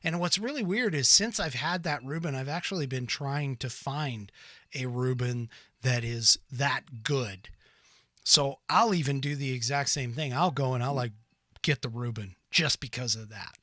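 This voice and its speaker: Bright, animated American male host. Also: mid-range voice, no echo. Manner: animated, quick asides and repeated restarts. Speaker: podcast host. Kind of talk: casual call-in chat.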